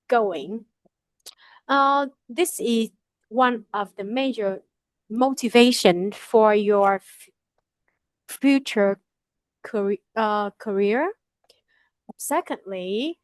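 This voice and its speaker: A woman's voice: a little high, smooth, no echo. A woman, answering a speaking practice question hesitantly over a video call. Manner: hesitant, many fillers and restarts. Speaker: English student.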